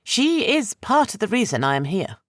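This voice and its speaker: A man's voice: sits high, big pitch swings, normal speed, a bit bright, no echo, studio quality, pitched above the performer's own voice. A man voicing a frightened, defiant young Roman noblewoman in a raised, tense voice for an audiobook.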